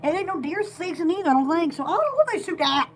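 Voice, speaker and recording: A giggly woman with a very high voice that jumps all over the place. She chats in a rambling, goofy way and hops between topics. A faint hiss of background noise runs under her voice. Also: very animated, fast. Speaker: shop owner hosting a live video. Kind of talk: rambling casual live chat. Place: home at night.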